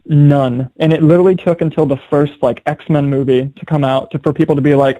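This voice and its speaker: A young man hosting a podcast, chatting casually and telling quick, animated stories. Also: mid-range voice, no echo, low-quality recording. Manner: animated, quick storytelling with laughs. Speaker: podcast host. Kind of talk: casual chat.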